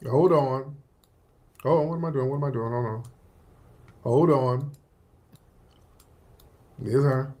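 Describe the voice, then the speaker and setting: A man hosting a livestream and commenting emphatically on social media posts, often pausing to scroll. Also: mid-range voice, fairly even intonation, a little mellow. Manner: emphatic, often stops with "hold on" while scrolling. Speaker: livestream host.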